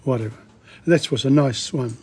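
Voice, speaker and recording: With a mid-range, darkish voice edged with breath, a man leads a language lesson, going through a dialogue line by line with translations. His delivery is halting and chatty, full of asides.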